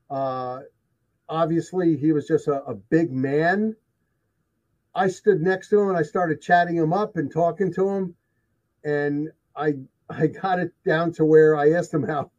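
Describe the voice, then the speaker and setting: A man tells his stories in an emphatic, repetitive way, leaning on key phrases. His voice sits a little high for a man. The recording is dull and lo-fi. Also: mellow. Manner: emphatic storyteller, repeats himself. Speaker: guest telling of sightings. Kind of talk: casual conversation. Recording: dull lo-fi sound.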